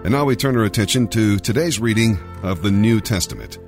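A man reading scripture aloud in a measured, expressive manner. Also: lowish voice, soft background music. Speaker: scripture reader.

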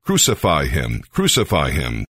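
A man's voice: extremely low pitch, wildly swooping pitch, unhurried, fairly bright tone, slightly rough, dry recording, clean studio sound, pitched below the performer's own voice, full character voice. A man voicing an angry crowd of priests and leaders, insistent and accusing, in a Bible reading.

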